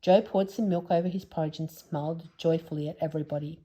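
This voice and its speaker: A woman reading a children's story aloud in a gentle storyteller's voice. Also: deep voice, fairly even intonation, quick pace. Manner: gentle, hushed at tense moments.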